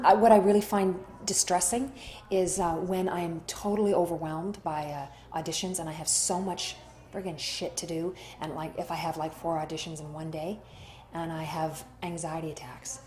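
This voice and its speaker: A woman's voice: fairly low pitch, steady tone, moderate pace, mellow. Chatty woman in a roomy echo. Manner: chatty, rambling, acts out quoted dialogue. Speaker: actor being interviewed. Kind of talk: candid interview storytelling.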